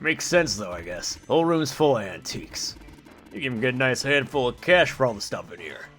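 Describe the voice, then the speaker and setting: A man voicing a big, blunt, dim-witted male brawler in a gruff put-on deep voice, acting out a game character on a livestream. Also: expressive, brisk, a bit bright, faint music behind, lightly acted. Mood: musing.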